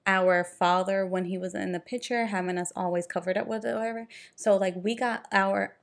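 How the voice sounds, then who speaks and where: A woman's voice: mid-range voice, fairly even intonation, brisk, gravelly. Casual woman co-host, rambling, filler-heavy delivery. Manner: rambling, loose, full of fillers and restarts. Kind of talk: casual chat.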